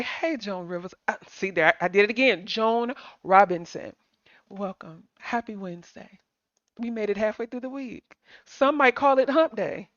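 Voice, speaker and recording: A woman's voice: fairly high pitch, a bit bright, dry recording, dull audio. A sassy, chatty woman hosts a livestream, calling her viewers honey and sugar. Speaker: livestream host. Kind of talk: casual chat to live viewers.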